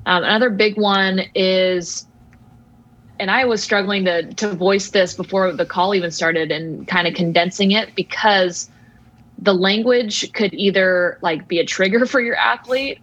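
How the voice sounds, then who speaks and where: Measured woman expert on a lo-fi call. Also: medium pitch, fairly even intonation, a bit bright. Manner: measured, thoughtful, slow explaining. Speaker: guest expert on youth sports and parenting. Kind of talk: interview answers.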